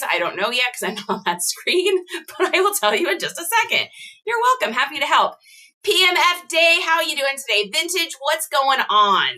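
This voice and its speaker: A woman's voice: fairly high pitch, bright, forceful tone. A woman from Texas with a mild Texan accent, hosting a casual reseller livestream and chatting straight to her viewers in an upbeat way. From Austin, Texas.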